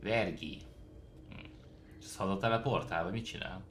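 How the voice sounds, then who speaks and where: Deep-voiced man streaming a game. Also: fast, slight background noise. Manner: relaxed, chatty. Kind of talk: casual gameplay commentary.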